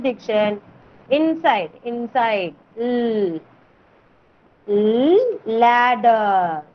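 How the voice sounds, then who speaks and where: A woman teaching letter sounds to small children in an online class, slow and coaxing, repeating words for them. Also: fairly high pitch. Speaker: kindergarten teacher. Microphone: video call. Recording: dull lo-fi video call audio.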